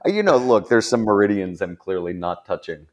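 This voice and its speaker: A man's voice: fairly low pitch, big pitch swings, a little fast, a crowd in the background. A man hosting a podcast in casual chat, rambling and self-deprecating, laughing often. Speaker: podcast host.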